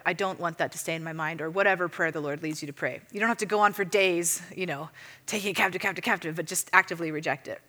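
Woman, church teacher, casual and chatty, animated storytelling, bright tone. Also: on the low side. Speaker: ministry teacher. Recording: long reverb of a hall.

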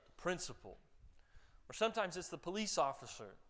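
A man pastor preaching in a relaxed, conversational way and teasing members of his congregation as he goes. His voice sits a bit high for a man. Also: a little fast. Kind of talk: sermon.

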